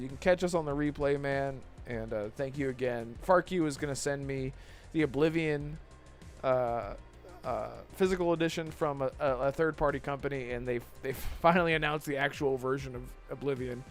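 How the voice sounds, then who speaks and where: A man hosting a casual gaming podcast, upbeat and laughing often as he thanks his chat. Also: medium pitch. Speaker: podcast host.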